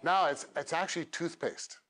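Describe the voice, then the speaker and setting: A man coaching a meetup audience on pitches, animated and demonstrating lines with dramatic pauses. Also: crowd noise. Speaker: speaker coaching elevator pitches. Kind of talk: workshop coaching talk. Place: meetup room.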